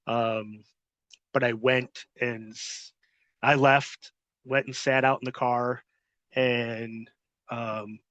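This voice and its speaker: A man's voice: mid-range voice, level tone, takes it slowly, pauses often, a bit bright, no echo. A man hosting a podcast, telling stories in a blunt, heavily profane casual style. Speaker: podcast host. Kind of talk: casual interview storytelling.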